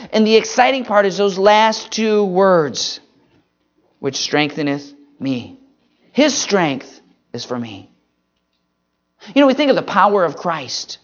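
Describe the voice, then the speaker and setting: Earnest preacher with dramatic soft drops. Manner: earnest, swings between emphatic rises and soft low drops; quotes scripture slowly with stress on single words. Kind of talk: Mother's Day sermon with prayer. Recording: dull lo-fi recording.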